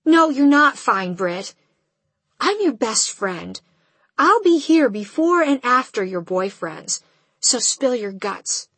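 A woman's voice: a little high, very animated, slow pace, fairly bright tone, breathy edge, no echo, pitched above the performer's own voice, full character voice. A woman voicing a blunt, sassy teenage girl who is the narrator's best friend. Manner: sassy, bubbly.

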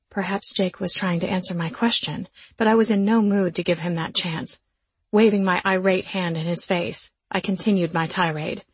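A woman's voice: fairly low pitch, steady tone, moderate pace, slightly rough, no room sound. Wry woman narrating an audiobook. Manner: wry, sardonic storytelling. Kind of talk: first-person audiobook narration.

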